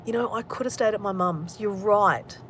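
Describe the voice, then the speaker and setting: A woman's voice: mid-range voice, normal speed, fairly bright tone, slight background noise. Candid, emotional woman vlogging from a car. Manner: candid, emotional, swears freely. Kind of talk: casual talk to camera.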